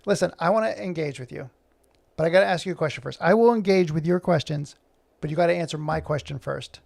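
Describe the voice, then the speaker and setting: A man voicing a calm, friendly man in drag who asks curious questions to disarm an angry heckler. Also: on the high side, fast, vocal fry.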